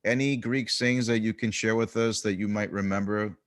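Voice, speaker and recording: A male podcast host with a voice on the low side. He works through his prepared questions in an easygoing, conversational way and keeps the interview moving. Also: normal speed, a crowd in the background. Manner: asks scripted questions in a relaxed way. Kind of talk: casual interview.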